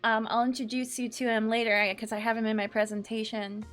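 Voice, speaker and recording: A woman's voice: on the high side, little pitch movement, a little fast, a bit bright. A woman streaming live, chatting casually and nervously with her viewers, giggling and greeting people by name. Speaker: VTuber streamer. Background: faint background music.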